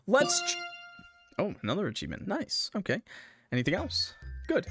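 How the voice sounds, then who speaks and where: A man's voice: sits high, big pitch swings, normal speed, a bit bright, soft background music. A man streaming a game, joking with his chat and reading the game's text aloud in playful, casual commentary. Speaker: gaming streamer. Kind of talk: casual let's-play commentary.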